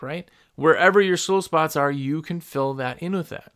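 A man's voice: on the high side, normal speed, fairly bright tone, clear, resonant tone. A man hosting a podcast, talking casually and rambling as he gives business advice and acts out customer calls at his microphone. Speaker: podcast host for window cleaners. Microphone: microphone at a computer.

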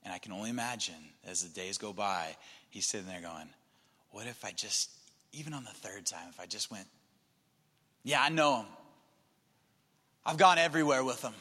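Guy preaching a sermon, bright tense voice, goes real quiet then loud, big echoey hall. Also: expressive, moderate pace, long pauses. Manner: swings from hushed and low to loud and emphatic. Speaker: pastor. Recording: long hall reverb.

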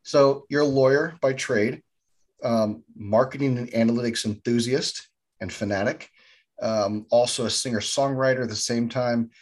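A man's voice: mid-range voice, fairly even intonation, normal speed. A man co-hosting a podcast, upbeat and enthusiastic in casual chat. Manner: upbeat, enthusiastic, says fantastic a lot. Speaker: podcast co-host.

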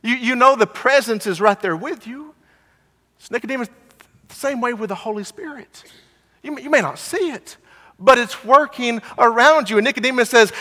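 Man, preacher, sermon, earnest, repetitive, bright tone, long hall reverb. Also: very high voice, moderate pace. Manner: earnest, repeats phrases, voices the Pharisees mockingly.

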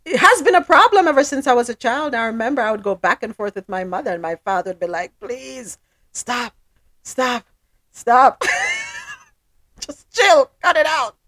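Animated, emphatic woman co-host. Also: a little high, quick pace. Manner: emphatic, preachy, repeats phrases. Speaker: podcast co-host. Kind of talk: casual panel chat.

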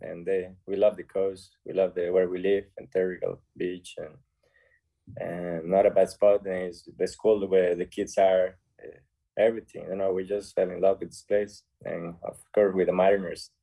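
A man from Costa Rica with a Costa Rican accent, a guest footballer in a casual radio interview, talking cheerfully in halting English and often adding "man". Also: deep voice, creaky, warm tone, slightly rough.

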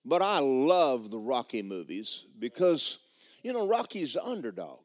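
A man's voice: medium pitch, very animated, a little slow, dry recording. A man preaching a sermon in a church, folksy and blunt, building to fervent emphasis. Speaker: pastor. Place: church sanctuary.

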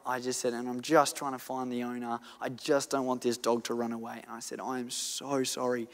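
A man preaching a sermon, earnestly telling a story and swinging from loud to hushed. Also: mid-range voice, flat delivery, brisk, gravelly. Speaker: pastor. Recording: long church hall reverb.

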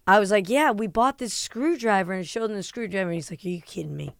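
A woman's voice: mid-range voice, animated, fast, smooth, dry recording, studio quality. A young woman co-hosting a podcast, telling a story in casual chat, acting out other people's lines with lots of ums and likes. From New York.

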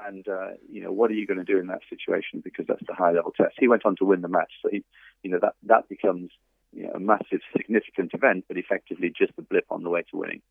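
Gravelly low-voiced man on a phone line. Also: fairly even intonation, fast talker, no room sound. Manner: thoughtful, anecdotal, frequent fillers. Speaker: tennis author and coach, guest. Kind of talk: interview over a phone line. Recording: dry, tinny phone line.

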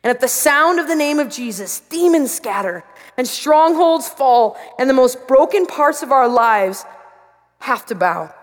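High-voiced woman preaching, lively story. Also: unhurried. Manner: animated storyteller, acts out her own panic. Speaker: pastor. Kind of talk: sermon to students with a personal story. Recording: long reverb of a large hall.

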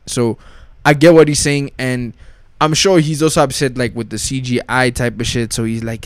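A man's voice: mid-range voice, fairly even intonation, normal speed, clean tone, no room sound. A young man, ranting casually as a podcast host, full of slang, restarts and repeated "bruh" and "dog". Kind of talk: casual rant about pop culture.

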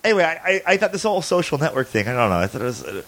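A man's voice: mid-range voice, big pitch swings, rapid-fire, fairly bright tone. A man hosting a podcast, telling a long story in loose, casual chat, swearing freely and restarting his sentences. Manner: loose, profane and laughing, with frequent restarts. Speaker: podcast host.

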